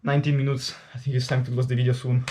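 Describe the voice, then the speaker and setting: An Italian-accented man talks to his viewers while working out, loose and rambling, dropping casual swear words as he thinks aloud. His voice sits mellow and warm, never bright, at an ordinary middle pitch. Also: little pitch movement, racing, slight background noise. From Italy. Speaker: fitness vlogger. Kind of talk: casual chat to camera during a workout.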